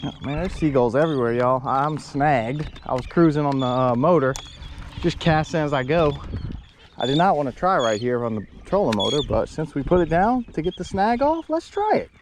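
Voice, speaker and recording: A man's voice: on the high side, expressive, moderate pace, background noise. A man, vlogging while fishing from a boat in a marsh, rambling and frustrated as he talks to viewers. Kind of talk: casual outdoor fishing vlog.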